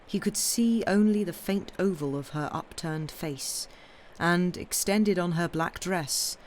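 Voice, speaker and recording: A woman reading a sea story aloud in a measured way, now and then stumbling and correcting herself. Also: on the low side, a little mellow, a little hiss or hum. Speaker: reader. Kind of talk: audiobook-style story reading, livestreamed.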